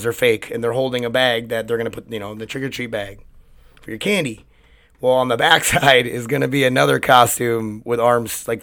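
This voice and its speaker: Hoarse man rambling on his podcast. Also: medium pitch, a bit bright. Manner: rambling, profane, loose and chatty. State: hoarse, voice cracking. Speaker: podcast host. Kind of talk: casual solo podcast monologue.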